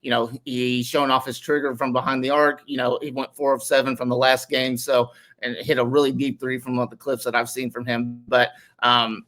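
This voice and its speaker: A man's voice: medium pitch, fairly bright tone. A man speaking as a guest analyst on a sports podcast, in casual chat that rambles with many fillers. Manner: rambling, heavy on "um" and "you know".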